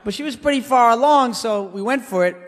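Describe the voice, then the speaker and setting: Brash stand-up comedian with high voice. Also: male voice, brisk, long reverb tail. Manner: brash, animated, swings between loud outbursts and hushed asides. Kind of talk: stand-up monologue. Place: theater stage.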